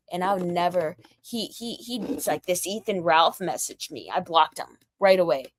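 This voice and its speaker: A woman's voice: fairly low pitch, no room sound, clean studio sound. A young woman delivering a profane, confrontational livestream rant aimed directly at one man.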